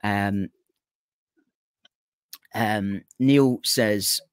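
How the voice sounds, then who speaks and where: A man's voice: fairly low pitch, clear, resonant tone, dry recording, studio quality. A middle-aged man from Scotland hosting an online show, plugging a guest's book and reading out viewer comments. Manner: reads out viewer comments, brisk wrap-ups. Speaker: host.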